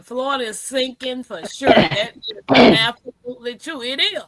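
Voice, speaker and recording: A woman's voice: high voice, moderate pace, a crowd in the background. A woman co-hosting a casual stream chat, teasing and playful. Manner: teasing and playful, laughs often.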